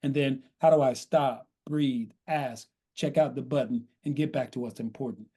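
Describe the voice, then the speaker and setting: A man, a consultant guest on a podcast, explaining in a measured way and often checking in with "right?". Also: medium pitch, mellow, husky. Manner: measured, repeats "right?", acts out sample dialogue. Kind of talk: podcast interview, coaching explanation.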